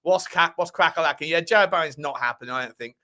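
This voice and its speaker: A man hosts a football live stream in a loose, joking way. He swears freely and says many phrases twice. His voice sits on the high side. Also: fast, pushed and bright. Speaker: football podcast host. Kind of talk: casual live-stream chat.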